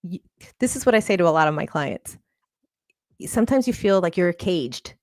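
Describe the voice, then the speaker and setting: A woman's voice: lowish voice, animated, normal speed, dry recording, clean studio sound. A woman therapist, a guest on a podcast, talking in an earnest, encouraging way. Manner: earnest, encouraging, laughs often. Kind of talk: casual interview talk.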